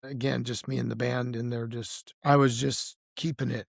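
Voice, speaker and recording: A man's voice: medium pitch, flat delivery, moderate pace, creaky, no room sound, studio quality. A man being interviewed as a blues musician, chatting casually and telling stories with restarts and "you know"s.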